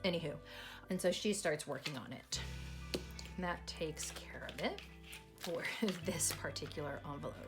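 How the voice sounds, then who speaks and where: A woman's voice: deep voice, normal speed, long pauses, over loud music. A woman hosting a budgeting vlog, telling a long story in a chatty way, laughing now and then and reading out dollar amounts as she goes. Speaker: budgeting channel host.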